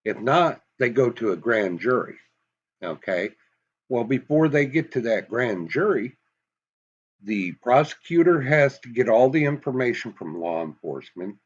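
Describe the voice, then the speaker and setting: A man's voice: mid-range voice, lively intonation, unhurried, slightly rough, dull audio. A man with a Massachusetts accent giving an emphatic, folksy opinion monologue, full of rhetorical questions. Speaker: commentary vlogger.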